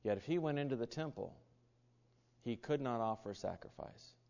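A man's voice: mid-range voice, animated, moderate pace, gravelly, a little mellow. A male preacher giving a sermon, telling a story in a folksy way with many fillers and restarts. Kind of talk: sermon with personal anecdote. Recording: dull sound in a reverberant hall.

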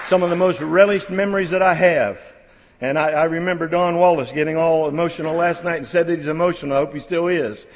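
A middle-aged man preaching at a church camp, folksy and halting with many restarts, building to fervent exhortation. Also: on the high side, fairly even intonation, some chatter behind, a little hiss or hum. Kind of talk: sermon. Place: church camp meeting hall. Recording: long hall reverb.

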